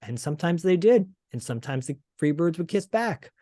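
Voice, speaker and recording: A man's voice: fairly high pitch, lively intonation, fairly quick, mellow, no echo. A man hosting a podcast, casually recapping with frequent fillers and restarts. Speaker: podcast host. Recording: dry close podcast sound.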